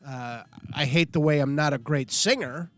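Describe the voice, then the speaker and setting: Podcast co-host, man, slightly high voice, hesitant and easygoing, dry studio sound. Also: normal speed, no room sound. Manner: hesitant, restarts often, easygoing. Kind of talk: casual chat.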